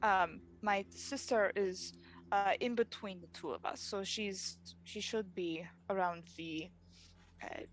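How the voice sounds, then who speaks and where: A woman playing an earnest young adventurer in a tabletop game, talking haltingly with frequent pauses and fillers while attempting an accent. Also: mid-range voice, lightly acted. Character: earnest young adventurer in their twenties, eldest sibling.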